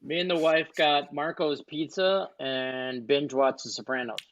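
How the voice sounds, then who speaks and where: A man's voice: fairly high pitch, fairly even intonation, a little slow, fairly bright tone, highs cut off. A man co-hosting a casual podcast, telling jokey stories about his family and mimicking their phrases. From Irish heritage. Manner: jokey storyteller, mimics his wife in a put-on accent. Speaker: podcast co-host. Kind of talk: casual chat.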